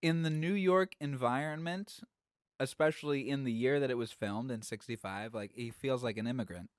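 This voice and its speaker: A man's voice: mid-range voice, moderate pace, dry recording, clean studio sound. A man co-hosting a podcast, chatting casually and making analytical points about films. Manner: analytical, cites film details readily. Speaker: co-host.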